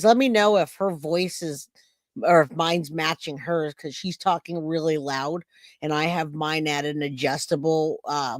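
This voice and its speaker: A woman's voice: deep voice, dry recording, clean studio sound. A woman in her forties hosting a live reaction stream, chatting and joking with her viewers. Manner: chatty, jokey, reads out chat comments. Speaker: livestream reaction host. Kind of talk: casual live-stream chat.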